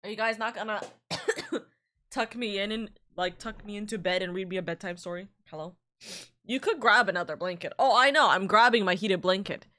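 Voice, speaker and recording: A woman's voice: medium pitch, moderate pace, pushed and bright. A woman streamer chatting casually on a live stream, rambling with asides while reading out and thanking chat messages. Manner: rambling, self-interrupting asides. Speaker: VTuber streamer.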